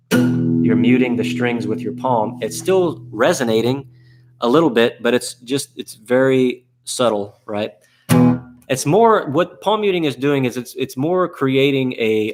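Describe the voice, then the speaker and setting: A man teaching a live online guitar class in a casual, rambling way, with many fillers and restarts. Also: mid-range voice.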